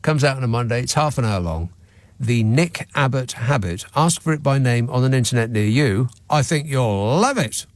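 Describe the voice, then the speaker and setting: A man's voice: mid-range voice, expressive, normal speed, no room sound. A man hosting a radio phone-in, talking in a sarcastic, mocking, dry-witted way. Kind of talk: opinionated talk radio monologue. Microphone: studio microphone.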